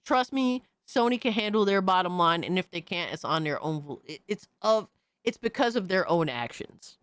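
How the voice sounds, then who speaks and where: A man's voice: sits high, expressive, moderate pace, fairly bright tone, clean tone, no echo. A man hosting a stream, ranting in a blunt, profane and mocking way full of slang. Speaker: streamer host. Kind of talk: casual profane rant.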